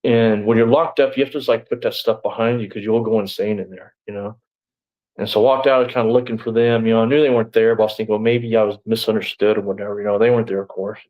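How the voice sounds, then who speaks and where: A man's voice: lowish voice, fairly even intonation, quick pace, highs cut off. A middle-aged man telling his story as an interview guest, rambling and blunt, full of "you know" and restarts. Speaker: interview guest, former sheriff's deputy.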